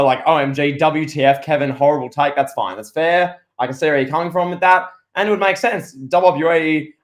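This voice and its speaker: Rambling excitable man on a podcast. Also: on the high side. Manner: rambling, excitable, full of restarts and playful impressions. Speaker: podcast co-host. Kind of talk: casual wrestling podcast chat.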